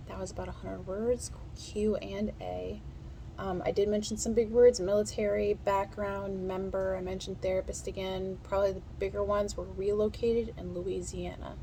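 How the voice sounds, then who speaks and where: A woman's voice: mid-range voice, flat delivery, warm tone, slight background noise. A woman giving a casual, chatty stenography practice lesson, talking straight to her viewers. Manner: chatty, quick, talks to the viewer directly. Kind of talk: casual instructional talk.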